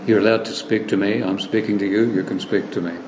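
A man preaching a sermon, retelling a story in a lively way and acting out the voices he quotes. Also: fairly low pitch, quick pace, reverberant, a little hiss or hum, poor audio.

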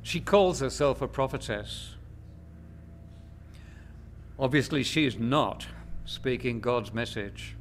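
A man preaching a sermon in a slow, measured, emphatic way, with long pauses between phrases. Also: mid-range voice, slight background noise.

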